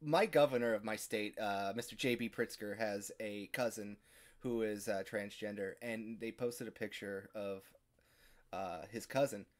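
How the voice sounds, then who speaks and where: A man's voice: fairly low pitch, unhurried. A man co-hosting a gaming podcast, chatting in crude, joking banter, laughing often and jumping between topics. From Midwestern United States. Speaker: podcast co-host.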